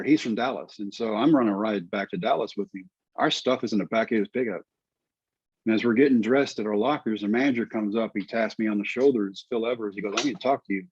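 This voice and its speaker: A middle-aged man with a husky, slightly low voice tells his story as an interview guest, bringing it alive by quoting people in little voices. The sound is dry and muffled, a bit lo-fi. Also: darkish tone, no room sound. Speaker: guest, former pitcher.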